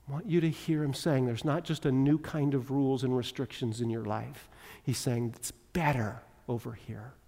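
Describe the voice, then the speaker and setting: A man preaching a sermon as a pastor, moving from loud emphatic passages to quiet, intimate appeals and prayer. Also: mid-range voice, fairly even intonation, moderate pace, creaky, few pauses. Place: church sanctuary. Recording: long reverb of a large hall.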